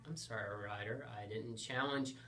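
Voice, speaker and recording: A deadpan schoolteacher with a bright, clear voice, as a man puts him on. He speaks in a measured, matter-of-fact way, as in a comic storybook. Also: fairly low pitch.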